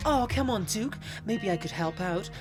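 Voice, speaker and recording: A woman's voice: mid-range voice, lively intonation, normal speed, faint music behind, natural voice. A woman voicing an eager young woman who hunts cryptids, breezy and coaxing.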